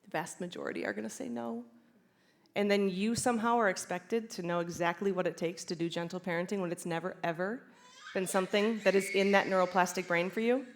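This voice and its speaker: A chiropractor speaking at a conference before a live audience, animated and laughing often as she acts out inner voices. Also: medium pitch, brisk. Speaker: chiropractor giving a conference talk. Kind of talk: lively conference talk.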